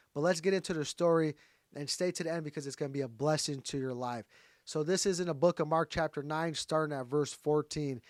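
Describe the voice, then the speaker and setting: A man's voice: fairly high pitch, a little mellow, no echo, studio quality. A man teaching from the Bible in a casual sermon style, talking straight to his viewers. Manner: conversational, talks straight to viewers.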